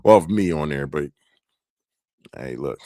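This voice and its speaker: A man's voice: very deep voice, lively intonation, a little slow, dark tone, dry recording, clean studio sound. A young man hosting his own podcast, telling loose, slang-filled stories in a casual, laughing way. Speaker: podcast host. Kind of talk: casual solo podcast storytelling.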